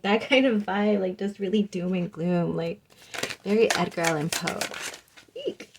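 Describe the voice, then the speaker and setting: A woman's voice: fairly low pitch, takes it slowly, gravelly, pauses often. A young woman giving a casual pick-a-card tarot reading, chatty and giggly, often saying "like". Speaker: tarot reader.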